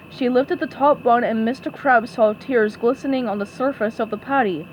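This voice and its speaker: A woman narrating a storybook aloud in an expressive, animated way. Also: fairly high pitch, moderate pace, hardly any pauses, slight background noise, rough recording. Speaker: storybook reader.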